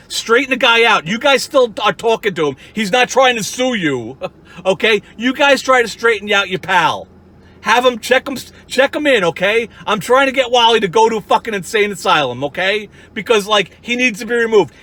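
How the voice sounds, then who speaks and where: A man's voice: high-pitched, pushed and bright. A man ranting at the camera, heated and profane, addressing his critics directly with many restarts. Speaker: YouTuber. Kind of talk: angry rant to camera.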